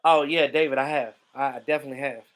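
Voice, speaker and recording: A man hosting a casual livestream, greeting viewers by name and telling stories in an animated way. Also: mid-range voice, rapid-fire. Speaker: livestream host.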